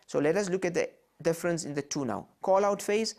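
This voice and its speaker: A man teaching Quran reading, sounding out each letter and syllable slowly and repeating them for learners. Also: sits high, darkish tone. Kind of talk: slow instructional recitation of letter sounds.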